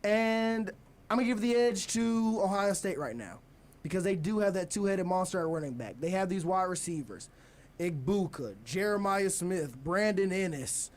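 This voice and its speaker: A man's voice: high-pitched, normal speed. A young man hosting a college sports radio show, talking casually and energetically as he previews games. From United States. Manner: energetic, leads the segment, stalls and laughs.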